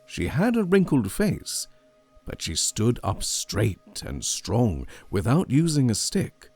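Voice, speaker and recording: A man reading a scripted horror story in a slow, deliberate storytelling manner. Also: medium pitch, huge pitch swings, darkish tone, husky, no echo, soft background music. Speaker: narrator.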